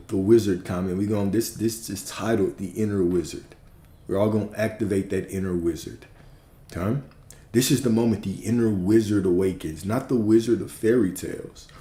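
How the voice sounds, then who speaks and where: A man's voice: on the low side, warm tone, reverberant. A man teaching on a livestream in an emphatic, preacherly manner, repeating key phrases and swearing casually. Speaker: spiritual teacher.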